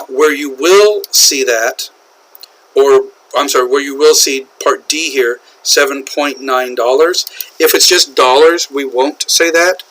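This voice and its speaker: A man with an American accent teaching English usage, explaining slowly and repeating key phrases, often checking in with "okay?". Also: mid-range voice, fairly bright tone, rough recording. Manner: slow, repetitive explaining with frequent "okay?" checks. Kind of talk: classroom lecture on English usage.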